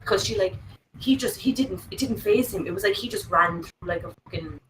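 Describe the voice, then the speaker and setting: A woman on a casual group podcast, telling a funny story in an animated way, full of fillers and swearing. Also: medium pitch, brisk, recorded from a distance, slight background noise, low-quality recording. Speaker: podcast co-host. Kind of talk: casual group chat over voice call.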